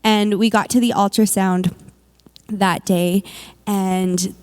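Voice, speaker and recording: A woman's voice: medium pitch, steady tone, slow pace, darkish tone, clean tone. A woman, a mother, sharing a personal faith testimony at a church service in a candid, conversational way, with frequent "like" and "um".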